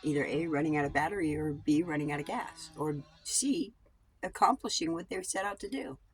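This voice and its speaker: A woman's voice: deep voice, a little fast, breathy edge, faint music behind. A woman vlogger talking in a rambling personal monologue about coping, blunt and digressive, swearing freely.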